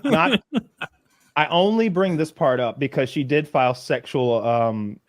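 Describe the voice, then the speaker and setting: A man's voice: a little high, animated, measured pace, no echo, studio quality. A man co-hosting a casual podcast chat, telling a rambling story with frequent restarts and laughter. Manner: rambling, restarts a lot, laughs at own stories. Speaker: podcast co-host.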